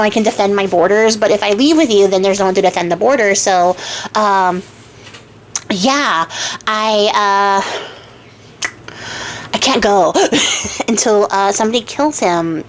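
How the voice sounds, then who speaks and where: A woman's voice: mid-range voice, slight background noise, natural voice, rough recording. A woman voicing a fickle, melodramatic young princess who rambles in modern slang. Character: young dramatic fairy-tale princess, fickle.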